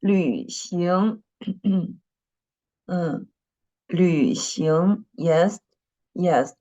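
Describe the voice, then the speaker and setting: A woman teaches over a video call, talking very slowly and patiently. Her voice sits a little low, and she repeats each word and often clears her throat. The call audio is dull and lo-fi. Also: warm tone. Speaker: Mandarin teacher. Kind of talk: online dictation lesson.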